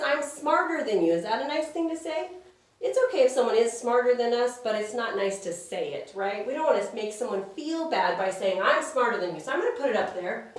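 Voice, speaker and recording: A woman leading a children's church lesson, speaking gently and simply and asking the kids questions. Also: fairly high pitch, very echoey, far from the mic. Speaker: children's Sabbath school teacher.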